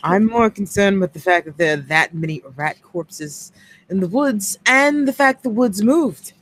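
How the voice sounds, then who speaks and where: A woman playing a tabletop game, wry and quick to laugh. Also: medium pitch. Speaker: player. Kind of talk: casual tabletop chat.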